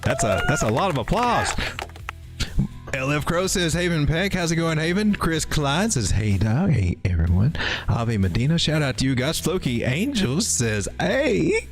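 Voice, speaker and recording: A man's voice: on the high side, big pitch swings, normal speed, soft background music. A man hosting a live chart-reading stream, joking and rambling as he talks through the charts and greets his chat. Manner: jokey, rambling, easily startled. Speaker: livestream host. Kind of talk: casual livestream chart commentary.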